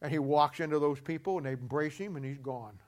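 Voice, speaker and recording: A man preaching a sermon to a congregation, animated, repeating himself often and swinging between loud and hushed. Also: fairly high pitch, fairly quick. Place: church before a congregation.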